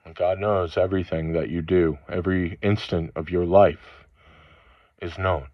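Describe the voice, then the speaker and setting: A man with a low, heavy voice rants through a rambling spiritual monologue, swearing angrily and stopping between phrases. The recording is dull and lo-fi, with no room sound. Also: fairly even intonation, no echo. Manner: angry, profane ranting with halting pauses. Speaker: channel host.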